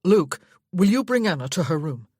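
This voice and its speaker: A woman reading an audiobook voices a young nobleman who speaks in a soft, hushing, gentle way. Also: on the low side, sing-song, normal speed, husky, no echo, studio quality. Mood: urgent. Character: tender young nobleman, low and soothing. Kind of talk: audiobook character voice.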